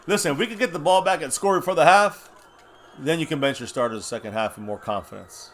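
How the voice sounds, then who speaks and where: A man hosting a fan watch-party stream, reacting live to a football game after a few drinks, cursing a lot and swinging from low mutters to shouts. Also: fast talker, slight background noise. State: has been drinking.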